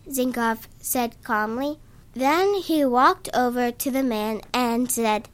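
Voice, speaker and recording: A woman reads her own short story aloud at an unhurried, deliberate pace. Her voice sits fairly high, and she sometimes stumbles and restarts a word. She sounds like an amateur reader sharing her writing. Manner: slow, careful reading with small stumbles.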